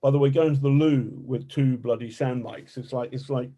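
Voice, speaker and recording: A man, an investigative journalist, telling stories in a colorful, animated way as a podcast guest and swearing freely. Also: mid-range voice, normal speed. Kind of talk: casual storytelling interview.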